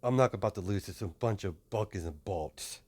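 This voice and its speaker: A man voicing a defiant young dragonkin hero, speaking in low muttered threats. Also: moderate pace, a little mellow, breathy edge. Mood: grim.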